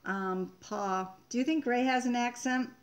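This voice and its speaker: A woman's voice: a little high, a little slow, highs cut off. An older woman from Maine hosting a casual live-stream chat, reading viewers' comments aloud in a chatty way. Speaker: homestead channel host.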